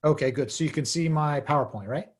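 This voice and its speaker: A man's voice: on the high side, quick pace. A man giving a talk on a video call, wry and casual with dry asides. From Arizona.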